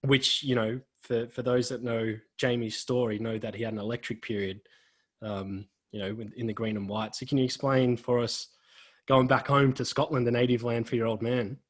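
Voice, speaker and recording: Aussie bloke hosting a podcast, friendly, rambles his questions, middle pitch. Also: fairly even intonation, normal speed. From Australia. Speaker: podcast host. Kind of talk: casual podcast interview.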